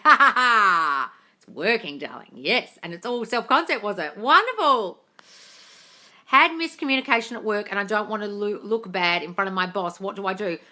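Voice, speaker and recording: Speaking in a bright, forceful, medium-pitched voice, an Australian woman hosts a live stream as a manifestation coach. She reads out viewer questions and answers them breezily and bluntly, calling people darling and tossing in casual swears.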